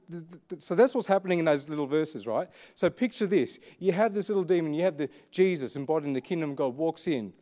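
A man's voice: on the high side, dark tone. A man preaching a sermon as a pastor, in a conversational, questioning way with frequent fillers.

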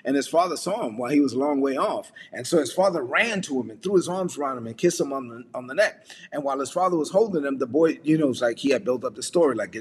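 A male pastor delivers a sermon in a husky, slightly breathy voice, retelling scripture in relaxed everyday dialogue. His voice carries a long reverb, as if it fills a church sanctuary. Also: mid-range voice, fast.

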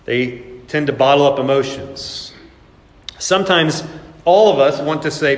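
A man's voice: fairly high pitch, expressive, a little slow. Man preaching in an echoey hall. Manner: acts out quoted voices, laughing asides. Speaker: pastor. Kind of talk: sermon.

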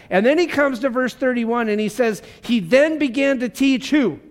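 A man's voice: high voice, fairly quick, hardly any pauses. A man preaching a sermon to a church congregation in a fervent, conversational way, with casual asides. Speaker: pastor. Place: church service.

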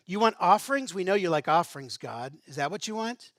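Brief: defensive, contemptuous worshippers, put on by a man, sarcastic and exasperated, pitched higher and pushed louder. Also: expressive, a little fast, no room sound, clean studio sound. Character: defensive, contemptuous ancient worshippers bargaining with God.

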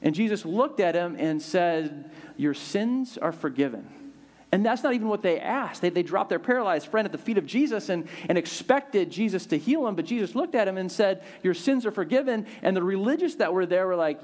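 A male pastor giving a conversational, animated sermon with lots of fillers and restarts. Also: high voice, brisk, hardly any pauses.

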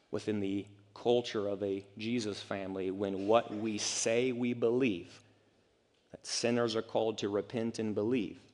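Guy pastor preaching casual-like, acts out little quotes, big echoey church hall. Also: fairly low pitch. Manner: conversational, animated preaching with quoted asides. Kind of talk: sermon.

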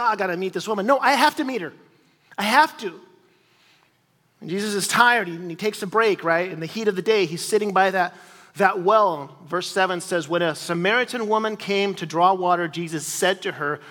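Animated man preaching in a reverberant hall. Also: sits high. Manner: conversational and animated, with repeated phrases and questions to the audience. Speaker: pastor. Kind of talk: sermon.

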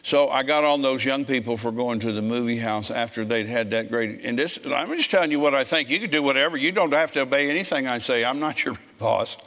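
A man's voice: medium pitch, a little fast, hardly any pauses. Blunt preacher in his seventies. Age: 70s. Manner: blunt, storytelling, forceful when scolding. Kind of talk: sermon. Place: church service with congregation.

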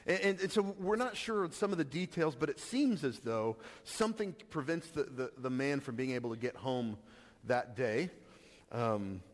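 A man's voice: mid-range voice, animated, moderate pace. Man preaching in an echoing hall. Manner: conversational, many restarts and rhetorical questions. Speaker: pastor. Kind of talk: sermon. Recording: long reverb of a hall.

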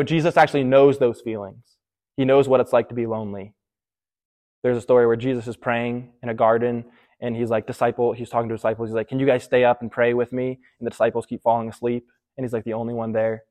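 A man's voice: medium pitch, little pitch movement, fast talker, darkish tone. Man giving a chatty youth sermon. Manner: conversational, keeps checking in with "okay?"; talks straight to listeners as "you guys".

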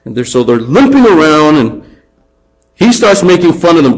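A man preaching a sermon, animated, acting out taunts in a raised voice and dropping quiet for emphasis. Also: medium pitch, normal speed, gravelly, poor audio. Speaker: pastor.

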